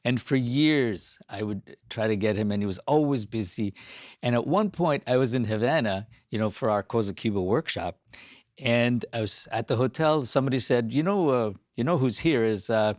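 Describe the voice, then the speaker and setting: A man hosting an interview, telling stories in a lively, animated way. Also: medium pitch, moderate pace, no room sound, clean studio sound. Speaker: host. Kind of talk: casual interview chat.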